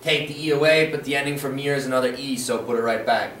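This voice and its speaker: A fast-talking man with a bright-ish, mid-range voice teaches a language lesson on video, repeating the rules and often asking "okay?" in a patient, encouraging way. The distant, slightly off-mic recording carries a roomy echo and faint room noise.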